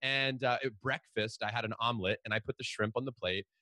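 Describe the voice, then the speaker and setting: Fast-talking man telling lively stories. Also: mid-range voice, dry recording. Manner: fast, animated storytelling with frequent restarts. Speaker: guest, author. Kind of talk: storytelling in a podcast interview.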